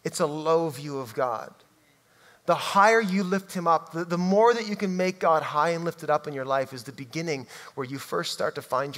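A man preaching a sermon in a church, emphatic and swinging from loud to hushed. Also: a little high. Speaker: pastor. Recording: long reverb hall.

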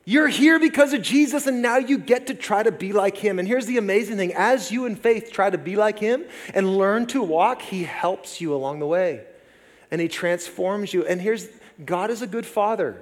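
A man in his forties preaching a sermon as pastor, lively and conversational with jokey asides. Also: sits high, moderate pace. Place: church sanctuary. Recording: long reverb of a large hall.

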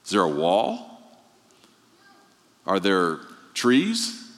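A man's voice: low-pitched, wildly swooping pitch, drawn-out words, in a large hall. A man preaching a sermon, asking the listeners question after question and telling the story with rising emphasis. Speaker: pastor.

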